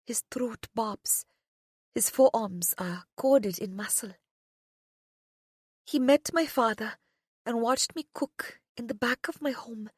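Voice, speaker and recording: A soft-spoken woman narrating a first-person romance audiobook, often dropping to a whisper. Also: on the high side, slow pace, pauses often, breathy edge, no echo, studio quality.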